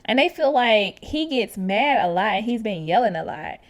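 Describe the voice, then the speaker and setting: Recapping a reality show on her podcast, this woman keeps things casual and lively, tossing in slang and plenty of laughter. Her voice sits fairly high, very animated, at a normal speed.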